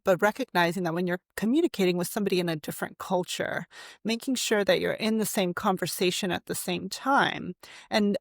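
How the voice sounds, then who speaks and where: A woman therapist guest explains, dotting her talk with "right?" and little fillers. Her voice has a gritty, creaky texture. The sound is close and dry. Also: on the low side, fairly quick, no room sound. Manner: animated, uses fillers and rhetorical questions. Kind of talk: conversational explaining.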